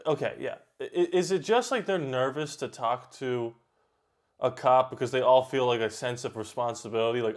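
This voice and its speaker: A man of ordinary middle pitch chats his way through a reaction video. He talks straight back at the screen in an offhand way, with quick outbursts. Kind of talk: casual reaction commentary.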